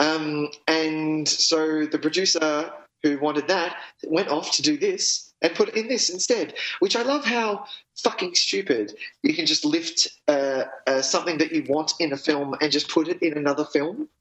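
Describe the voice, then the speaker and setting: A man's voice: on the high side, moderate pace, a bit bright, lo-fi sound. A young man co-hosting a casual film review podcast, laughing often and swearing. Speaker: podcast co-host.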